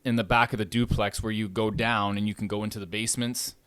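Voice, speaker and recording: A man hosting a podcast, telling a landlord story in a loose, animated way, swearing freely and getting louder as he gets riled up. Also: on the low side, fast, smooth, dry recording. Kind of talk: casual podcast chat.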